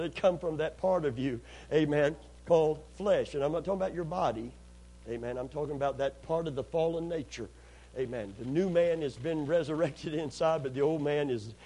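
A man's voice: on the high side, dark tone, poor audio. A man preaching a sermon, telling a personal story earnestly, repeating phrases and calling out amen.

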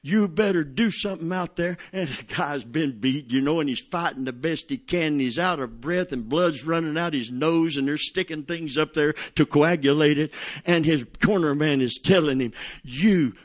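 A man's voice: on the high side, normal speed. A middle-aged male pastor preaching a sermon, telling stories and calling for amens from the congregation. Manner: preaching with call-and-response, storytelling, laughing asides.

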